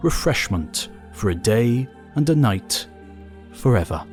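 A man's voice: medium pitch, very animated, unhurried, faint music behind. A man voicing the Son of God, speaking with solemn, declaiming authority as he rebukes and then grants mercy.

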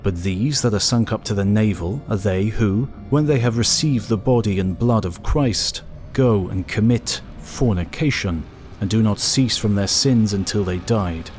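A stern male angel passing judgment in grave, measured words, as a man reads him. His voice sits low and solemn, with faint music behind. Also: darkish tone, close to an everyday voice. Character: stern male angel guiding through hell.

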